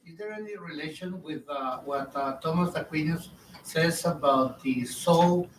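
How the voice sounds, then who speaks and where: A student asking a hesitant question in class. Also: male voice, a little high, measured pace, a little hiss or hum, low-quality recording.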